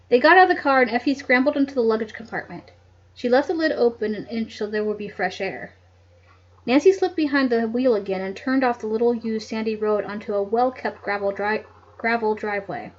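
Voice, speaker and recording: A woman's voice: on the high side, brisk. A woman reading a mystery novel aloud at home, breaking off for giggly, chatty asides. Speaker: audiobook reader. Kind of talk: casual read-aloud with asides. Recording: dull lo-fi home recording.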